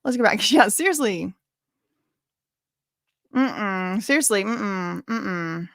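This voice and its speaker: A woman hosting a casual livestream commentary, reading out chat messages and reacting loudly, repeating phrases and exclaiming with disgust. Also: medium pitch, expressive, takes it slowly, gravelly, no room sound, studio quality.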